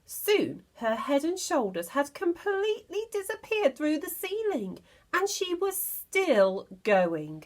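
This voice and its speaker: A woman teacher reading a storybook aloud to children with expressive narration. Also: sits high. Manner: expressive, slow, lively narration.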